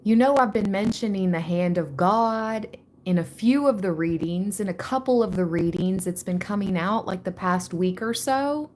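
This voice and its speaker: A woman giving a spiritual card reading. She reads the messages slowly and with emphasis, then slips into casual asides. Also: mid-range voice, darkish tone, a little hiss or hum. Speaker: tarot reader.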